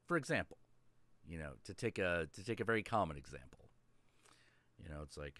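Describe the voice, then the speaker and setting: A man hosting a live stream, telling a story in a casual, profane and animated way. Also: deep voice, fairly quick, long pauses, dry recording. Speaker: host.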